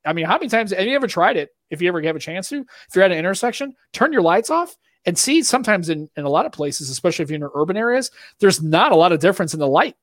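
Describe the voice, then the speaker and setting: A man's voice: sits high, very fast, few pauses, no room sound, clean studio sound. A man with a Boston accent, co-hosting a podcast in casual chat, ranting with lots of restarts. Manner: animated, ranting, rambling with restarts. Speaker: podcast co-host.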